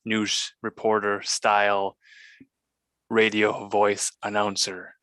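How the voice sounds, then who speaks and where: A man with a Midwestern American accent chatting casually, speaking slowly and deliberately with careful enunciation. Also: lowish voice, monotone, a bit bright, no room sound. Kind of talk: casual chat.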